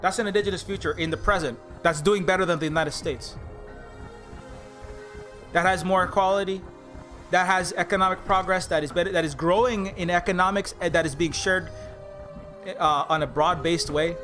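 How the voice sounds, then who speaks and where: A man's voice: high voice, fairly even intonation, moderate pace, pushed and bright, faint music behind. A man streaming live and ranting in a heated, profane way, repeating his points with many fillers. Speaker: streamer and indie game developer. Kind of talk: livestream rant.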